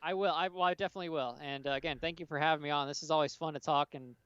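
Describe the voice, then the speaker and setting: Fast-talking guest on a dull call line. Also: male voice, on the high side, steady tone, fairly bright tone, clean tone, no echo. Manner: quick, friendly, filler-heavy. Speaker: guest collector. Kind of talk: casual live-stream chat.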